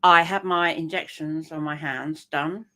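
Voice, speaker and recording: Older mum, really low voice, telling stories in a homely way. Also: female voice, steady tone, a little slow, bright, forceful tone. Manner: homely, storytelling. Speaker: co-host, the host's mother. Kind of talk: casual chat.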